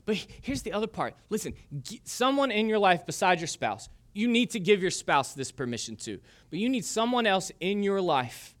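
A man's voice: fairly high pitch, fairly bright tone. A male pastor giving a sermon in a conversational, joking storytelling manner.

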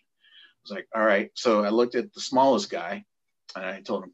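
A middle-aged man with a deep, breathy voice tells a training story in a loose, conversational way. He gets animated and acts out the people he quotes. The recording sounds dull and muffled. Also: normal speed. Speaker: guest, former Navy corpsman. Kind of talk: casual storytelling.

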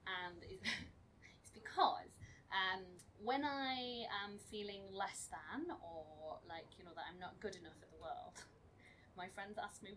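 A woman's voice: mid-range voice, measured pace, fairly bright tone, recorded from a distance, slight background noise, rough recording. A young woman presenting a comic segment, chatty and self-mocking with frequent giggles. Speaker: panel presenter.

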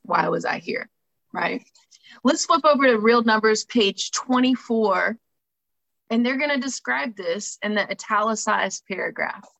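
A woman with a fairly high, gravelly voice and a fairly bright tone speaks a little slowly, her intonation lively, on a rough recording. Sharing her recovery story candidly, she reads from a book and keeps checking in with listeners. Fillers and "right?" tags come up often in her conversational delivery.

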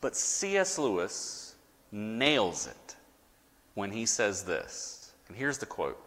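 A man preaching a sermon as pastor, with dramatic pauses and rising, emphatic repetition. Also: fairly low pitch, wildly swooping pitch, fairly bright tone, in a large hall.

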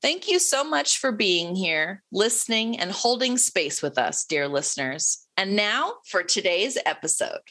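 A woman's voice: medium pitch, very animated, a little slow, few pauses, pushed and bright. A woman co-hosting a podcast, reading a guest introduction with enthusiasm. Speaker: podcast co-host. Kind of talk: read introduction, then casual chat.

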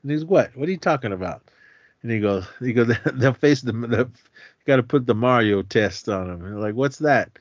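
Talking a little fast in a medium-pitched voice, a male podcast co-host casually summarizes a movie, raising his voice to play the characters and laughing as he goes. The lo-fi audio is dry and a touch dull, with no room sound.

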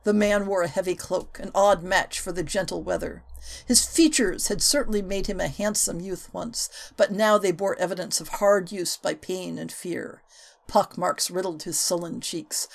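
A woman reading a historical novel aloud as an audiobook narrator, with expressive, varied delivery. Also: mid-range voice, gravelly. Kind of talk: scripted narration.

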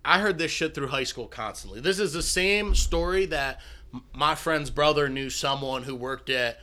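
A man's voice: on the high side, moderate pace, sharp tone. A young man in casual podcast chat, rambling through stories and swearing freely.

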